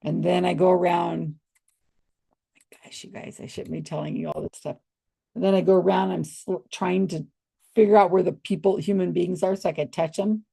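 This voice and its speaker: In a lowish, mellow voice with vocal fry and a breathy edge, an older woman casually tells stories to the camera at home while showing old photos. She keeps a steady tone and moderate pace, chatting and laughing a lot as she imitates people's reactions.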